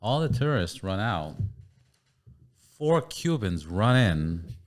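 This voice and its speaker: Deep-voiced animated man telling stories. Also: slow. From Cuba. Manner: animated storyteller, swears often, jokes. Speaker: podcast guest. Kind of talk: casual podcast banter.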